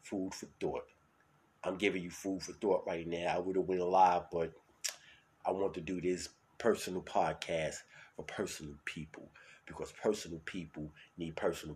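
A man with a New York accent hosting his own solo podcast, talking loud and hyped, then dropping to a mutter. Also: sits low. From New York City. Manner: loud, hyped, swings between shouting and mumbling. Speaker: podcast host.

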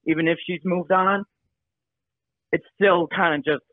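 Guy on a tinny phone call, kinda high voice, keeps stopping and restarting, apologizing. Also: steady tone, a little slow, no room sound. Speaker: show regular. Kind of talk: casual chat.

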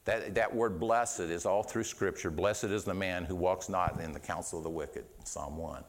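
A man's voice: sits low, steady tone, normal speed, a little hiss or hum. Earnest man preaching a sermon. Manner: earnest, repeats words and restarts, swings between quiet and raised voice. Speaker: pastor.

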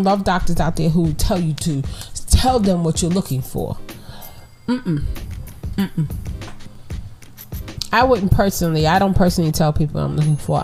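Woman, podcast host, from New York, warm tone, preachy and animated, casual slang. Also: low voice. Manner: animated, preachy, talks straight to the audience in slang. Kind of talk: casual advice talk to listeners.

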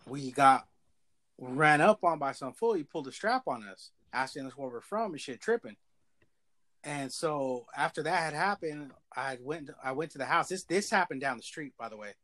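A man telling a story from his past in casual, profane slang, animated and a little pitched up.

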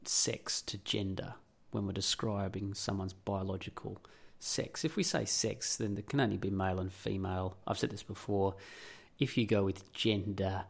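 A man's voice: lowish voice, gravelly. An Australian man hosting a podcast in a rambling, blunt monologue, swearing freely. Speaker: podcast host. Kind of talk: casual opinionated monologue.

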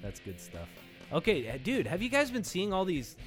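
A man's voice: sits high, huge pitch swings, moderate pace. Chill american guy cohosting a podcast, reads off news lists, guitar music playing underneath. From United States. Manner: laid-back, reads lists aloud, laughs often. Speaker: podcast co-host. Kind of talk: casual chat reading news items.

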